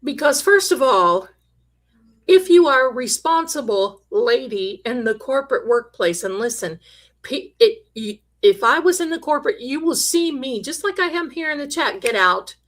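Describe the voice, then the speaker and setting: A woman's voice: sits high, expressive, moderate pace. A woman hosting a live psychic stream, chatting emphatically and telling stories to her viewers. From Italian heritage. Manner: chatty, emphatic, drifts into quoted voices. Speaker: psychic livestream host. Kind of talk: live chat storytelling.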